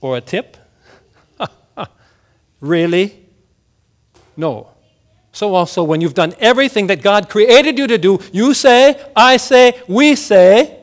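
A male pastor delivering a sermon, slow and emphatic, with dramatic drops to near-whispers. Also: high voice, expressive.

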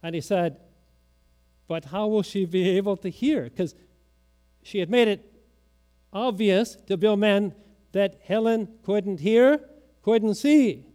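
A man preaching a sermon in a church, telling a story slowly and dramatically, sometimes dropping to a hush. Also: high-pitched. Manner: slow dramatic storytelling, drops to a hush at the end.

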